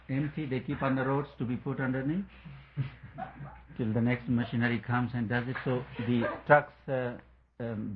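A man's voice: mid-range voice, phone-quality sound, background noise. A man giving a spiritual talk, telling a story in a rambling way, searching for words and chuckling.

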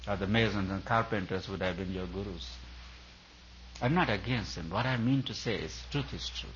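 A man with a lowish voice preaches in an emphatic, repetitive rhythm, stacking phrase on phrase. The recording is dull and lo-fi, with a faint hum underneath. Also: normal speed. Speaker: spiritual teacher. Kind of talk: sermon.

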